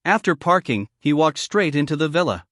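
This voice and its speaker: Male recap narrator with an animated, slightly high delivery. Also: fairly quick, no room sound, studio quality. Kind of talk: scripted story narration.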